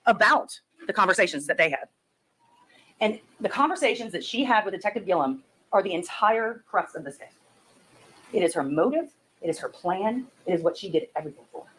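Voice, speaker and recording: A woman prosecutor giving a closing argument to a jury, building her case methodically and forcefully. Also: mid-range voice, animated, fairly quick, a little hiss or hum, poor audio.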